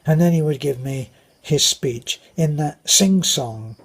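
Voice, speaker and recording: A man's voice: fairly high pitch, slow, breathy edge. An older British man telling rambling stories about his childhood. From Britain. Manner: rambling, anecdotal, with restarts. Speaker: vlogger. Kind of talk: casual storytelling.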